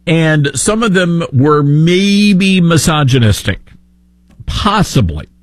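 A man's voice: a little high, sing-song, takes it slowly, no room sound. A man with a Southern accent hosting a talk radio show, sarcastic and opinionated.

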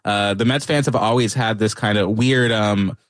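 Man answering in a dry room, halting. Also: on the low side, steady tone, dry recording. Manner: thoughtful, halting with frequent restarts. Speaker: author and guest. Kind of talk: conversational interview answers.

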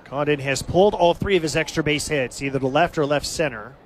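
A man calling live baseball play-by-play as the team's announcer, giving steady, stat-heavy recaps of the game. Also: on the high side, a little fast, a little hiss or hum.

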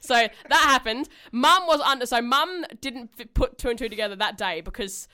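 Brief: young woman, radio co-host, crisp and smooth, loose and frank storyteller. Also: on the high side, moderate pace, pushed and bright. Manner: candid rambling storyteller, swears freely. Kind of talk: casual radio chat.

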